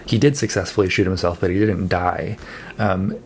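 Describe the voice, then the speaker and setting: Chatty low-voiced man reviewing books. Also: steady tone, normal speed, creaky, slight background noise. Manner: chatty, thinking aloud with fillers and self-corrections. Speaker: book vlogger. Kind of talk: casual monthly wrap-up talk.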